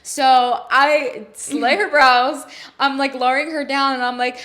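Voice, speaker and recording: A woman's voice: sits high, unhurried. A woman in her twenties, co-hosting a podcast as a waxing specialist, telling stories in casual chat with frequent laughter and casual swearing. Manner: animated storyteller, laughs often, swears casually.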